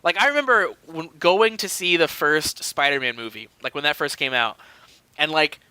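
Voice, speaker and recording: A man's voice: on the high side, moderate pace, pushed and bright, smooth, no room sound. A man in his thirties co-hosting a podcast, telling stories in a rambling, filler-heavy casual chat. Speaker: podcast co-host.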